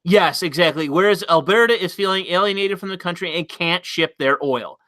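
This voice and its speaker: A man's voice: high-pitched, brisk, bright, forceful tone, no echo. A man hosting a casual livestream, reading chat messages aloud and commenting bluntly, with frequent fillers and restarts.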